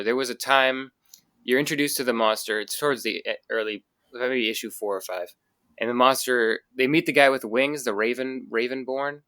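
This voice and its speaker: A man co-hosts a casual comics podcast, chatting enthusiastically and using lots of fillers. His medium-pitched voice has a sharp tone, with no room sound.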